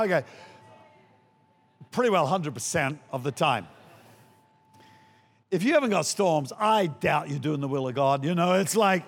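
Older male guest preacher, high lively voice, dramatic, reverberant sanctuary. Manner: animated, acts out voices, shouts for emphasis. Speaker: pastor. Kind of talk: sermon.

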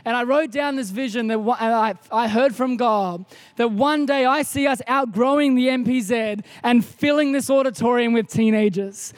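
A man, preaching a sermon in a church auditorium with energetic bursts into shouts. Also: extremely high pitch, normal speed, no room sound. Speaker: pastor.

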